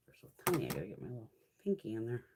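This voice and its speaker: A chatty woman talking casually as she swatches makeup for her viewers. Her pitch swings up and down with a lot of life, and she drops swear words and laughs easily. She talks back to viewers' comments in a loose, unscripted way. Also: huge pitch swings, racing, darkish tone, slightly rough. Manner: chatty, profane, laughs often; answers viewers' live comments. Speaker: beauty haul host.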